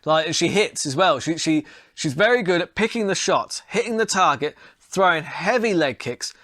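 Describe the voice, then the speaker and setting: A man's voice: fairly high pitch, lively intonation, normal speed, fairly bright tone, dry recording, clean studio sound. A man giving a casual, rambling fight breakdown and betting pick, swearing now and then. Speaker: fight analyst and tipster.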